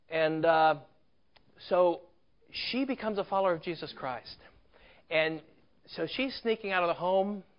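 A man preaching a sermon as a story, conversational, with rhetorical questions and asides. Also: on the high side. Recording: dull lo-fi recording.

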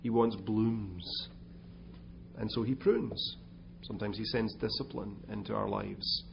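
A man's voice: fairly low pitch, a little slow, vocal fry, highs cut off, a little hiss or hum. A man giving a conversational sermon as pastor, with asides and restarts. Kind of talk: sermon talk.

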